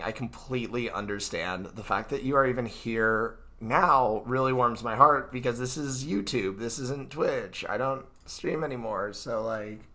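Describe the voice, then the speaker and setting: A man's voice: medium pitch, sharp tone. A man with a stuffy nose, hosting a live reading of his book from his own room into a computer mic, talking casually with lots of fillers and self-deprecating asides. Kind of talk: casual livestream chat. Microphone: computer mic at his desk.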